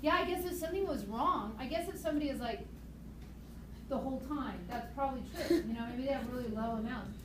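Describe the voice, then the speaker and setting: A woman teaching a high school biology class, chatty and lively, acting out examples for her students. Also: fast talker. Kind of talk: classroom lecture. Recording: echoey classroom from far off, noisy.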